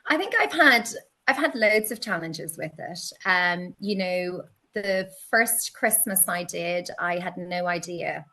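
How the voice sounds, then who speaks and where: A woman being interviewed, telling stories in a lively way and acting out her own past reactions. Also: takes it slowly. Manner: animated, acts out her past self in high exclaims. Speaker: guest, teacher and candle maker. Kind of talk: conversational interview storytelling.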